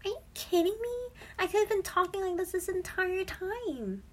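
Woman doing a squeaky, gushing "ooh voice". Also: lively intonation, moderate pace, darkish tone. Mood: amazed. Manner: gushing, amazed.

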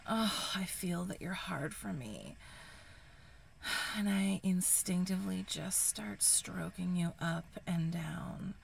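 Slow, gravelly whispering woman. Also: fairly low pitch, a little hiss or hum. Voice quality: breathy, sighing whisper. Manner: intimate, hushed first-person storytelling. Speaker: erotic audio narrator. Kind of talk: whispered role-play.

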